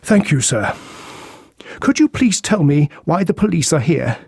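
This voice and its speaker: A man's voice: fairly high pitch, big pitch swings, measured pace, gravelly, a little mellow, husky, no room sound, studio quality, voice pushed up, full character voice. A man voicing a distraught husband who pleads frantically in an audiobook mystery. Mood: grief-stricken. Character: distraught grieving husband, middle-aged man. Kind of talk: audiobook character voice.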